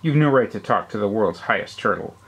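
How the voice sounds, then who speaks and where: A man's voice: on the low side, animated, brisk, creaky, a bit bright, breathy edge, heavily acted. Yertle, a dad putting on a bossy turtle king. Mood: angry. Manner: bellowing, proud and snappish.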